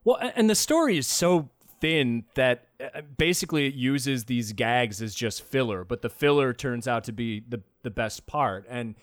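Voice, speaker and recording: A man in casual film-review chat who talks in an animated way, swears freely and laughs often. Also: mid-range voice, moderate pace, few pauses, no echo, clean studio sound.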